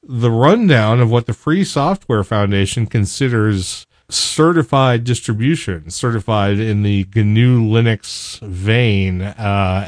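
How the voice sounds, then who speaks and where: Low-voiced man on a tech podcast. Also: dry recording, clean studio sound. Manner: relaxed, spells out names letter by letter. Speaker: podcast co-host. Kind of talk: casual tech podcast talk.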